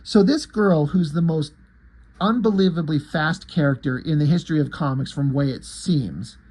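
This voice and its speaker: A man's voice: on the high side, normal speed, darkish tone, slightly rough. A man casually retelling a comic book's plot in an enthusiastic, rambling way. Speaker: comic book reviewer.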